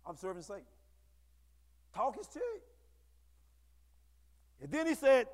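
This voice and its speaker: A man preaching a sermon to his congregation, with call-and-response and bursts of shouting. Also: very high voice, wildly swooping pitch, slow, pauses often. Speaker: pastor. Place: church sanctuary. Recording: echoey hall.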